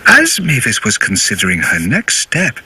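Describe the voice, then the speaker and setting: A man narrating a children's cartoon story in a gentle, playful and sing-song way, with loud music playing behind. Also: fairly low pitch, wildly swooping pitch, normal speed, slightly rough, low-quality recording.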